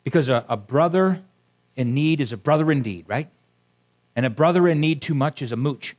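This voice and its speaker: In a church sanctuary, a man with a medium-pitched, expressive voice preaches a sermon at a moderate pace. He is a pastor addressing his congregation in a conversational way, frequently breaking off to question those gathered in front of him.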